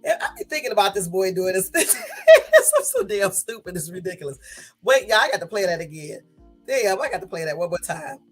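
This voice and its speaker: Woman vlogger, chatty and giggly, talks to viewers as y'all, mid-pitched, soft music behind. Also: wildly swooping pitch, fairly quick, husky, rough recording. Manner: laughing, addresses viewers as y'all, rambling. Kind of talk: casual late-night chat to viewers. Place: at home.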